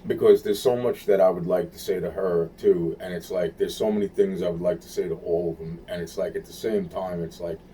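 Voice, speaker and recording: A man with a very low, dark voice rambles through a monologue. He repeats himself, swears often and trails off mid-thought. A faint hiss sits under the recording. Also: fairly even intonation, brisk, few pauses. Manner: rambling, repetitive, profane, searching for words.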